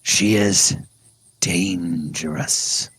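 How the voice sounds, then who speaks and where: A man's voice: sits low, very slow, a bit bright, slightly rough, dry recording, heavily acted. A man voicing a proud old male tabaxi hunter with lofty, formal speech. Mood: wary.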